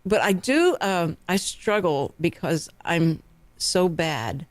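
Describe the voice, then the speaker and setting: A woman with a Texan accent hosting a local morning radio talk show, telling stories in a chatty, animated way. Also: fairly low pitch, takes it slowly, no room sound. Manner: chatty, animated storytelling with laughs. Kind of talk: casual radio chat. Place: radio studio. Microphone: studio microphone.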